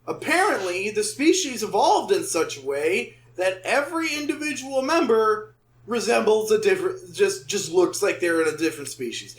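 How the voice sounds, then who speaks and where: A man's voice: high-pitched, big pitch swings, normal speed. A man chatting on a podcast, ranting in an exasperated way and swearing freely. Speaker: podcast co-host. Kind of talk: casual podcast chat.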